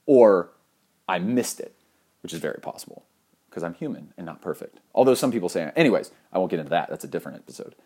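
Young adult man with a somewhat low voice, comic storyteller: animated, crude, self-deprecating. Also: fast talker, husky. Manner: animated, profane, self-mocking, laughs often. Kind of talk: comedic personal anecdote.

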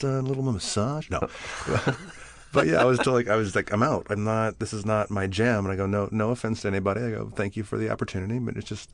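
A man who works as an actor, a guest on a podcast in a small studio room, chatting casually and telling relaxed anecdotes with easy laughter. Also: on the low side, vocal fry. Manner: relaxed anecdotes, laughs easily, acts out quotes. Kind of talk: casual chat.

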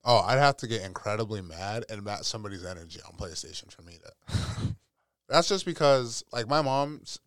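A man's voice: fairly low pitch, normal speed, dry recording, clean studio sound. A young man, a podcast guest, chatting casually and acting out his family's voices while he tells stories. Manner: animated storyteller, acts out family voices. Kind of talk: casual chat.

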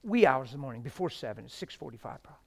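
A middle-aged man, a pastor, preaching a sermon with passionate storytelling that swings from loud exclamations to hushed quiet. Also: mid-range voice, expressive, racing, gravelly, breathy edge.

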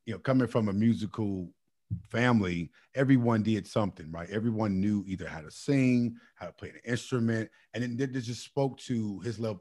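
A man chatting casually, reminiscing animatedly and laughing as he tells family stories. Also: on the low side. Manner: animated storyteller, laughs often.

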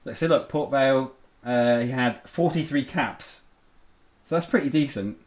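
A man in an easy, rambling podcast chat, breaking into laughter as he talks. His voice sits at a middling pitch and he swears mildly in passing. It sounds like relaxed banter between friends. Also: moderate pace. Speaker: podcast host. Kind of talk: casual chat.

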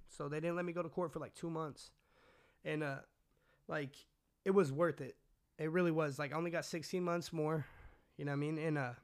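A man's voice: fairly high pitch, clean tone. Profane, rambling man telling his story. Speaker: guest recounting his past. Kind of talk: casual storytelling.

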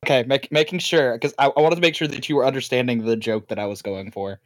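A man co-hosting a podcast, teasing the others with deadpan jabs in casual chat. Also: mid-range voice, fast talker. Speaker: podcast co-host.

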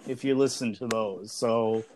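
A man in his early thirties co-hosts a casual podcast discussion. He talks in a loose, conversational way, often restarting his sentences and leaning on fillers. His voice sits at an ordinary middle pitch for a man. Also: steady tone, unhurried, a little mellow, a little hiss or hum. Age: early 30s. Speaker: podcast co-host.

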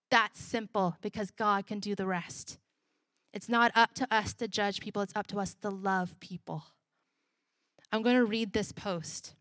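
A woman pastor preaching a sermon, driving a repeated refrain home, moving from emphatic to soft and intimate. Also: mid-range voice, no echo, clean studio sound.

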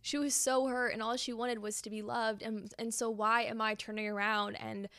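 A woman's voice: on the high side, flat delivery, normal speed, a bit bright, no echo. Earnest woman, dry close sound. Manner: earnest, repeats phrases for emphasis. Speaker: podcast host. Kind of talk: reflective self-help monologue.

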